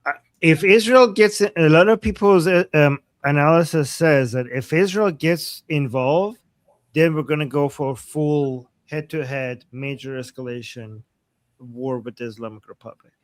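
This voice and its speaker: A fairly high-voiced man co-hosting a live news discussion. He talks in an animated, opinionated way and teases his co-host, recorded close and dry. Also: normal speed, no echo. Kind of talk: casual live news commentary.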